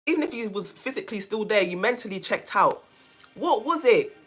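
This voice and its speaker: A woman vlogger talking casually to her viewers, animated and emphatic, often repeating phrases for stress. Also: mid-range voice, fairly quick, husky, soft background music. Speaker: vlogger, self-care coach. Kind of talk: casual chat to camera.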